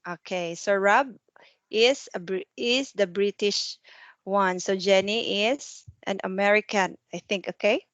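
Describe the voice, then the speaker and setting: Woman teaching english on a video call, slow and patient, dry close sound. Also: mid-range voice, dry recording, lo-fi sound. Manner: patient, slow questioning with non-native grammar. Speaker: English tutor. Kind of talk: one-to-one online English lesson.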